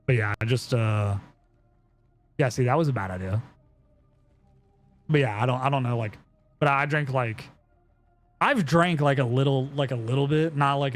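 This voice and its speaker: A young man chatting casually on a live stream, telling a story in a rambling way with lots of fillers and swearing. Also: mid-range voice.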